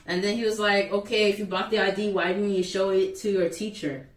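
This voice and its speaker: A woman's voice: medium pitch, steady tone, a little fast. A young woman vlogger animatedly retelling a school story in a casual, exasperated way. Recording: echoey room, voice a bit far from mic.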